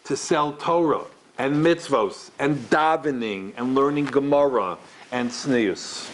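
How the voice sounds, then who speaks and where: Animated middle-aged man telling stories. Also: takes it slowly, slight background noise, poor audio. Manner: animated, acts out the people in his stories with big pitch jumps. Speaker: rabbi giving a lecture. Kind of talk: storytelling lecture to a live audience. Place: large room in front of an audience.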